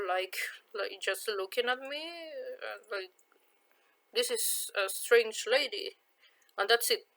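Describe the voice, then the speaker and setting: A woman's voice: mid-range voice, a bit bright, poor audio. A woman from Chile with a Chilean Spanish accent, chatting casually and hesitantly as she answers viewer questions in her vlog. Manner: unhurried, hesitant, many fillers. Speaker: vlogger.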